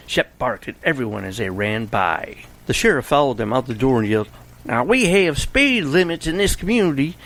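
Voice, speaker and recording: A man narrating a storybook in a steady, wry manner. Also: medium pitch, poor audio.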